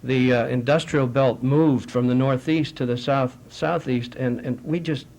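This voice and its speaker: At a foreign affairs forum, a middle-aged man fields audience questions in a measured, anecdotal manner, often restarting his sentences. His voice sits at medium pitch, steady and somewhat dark in tone.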